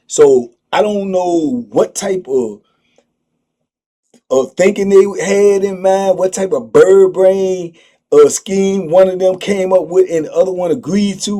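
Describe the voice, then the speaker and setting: A man hosting a channel, telling prison stories in an animated, slang-heavy way, full of excitable asides. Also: high-pitched, takes it slowly. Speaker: storyteller host.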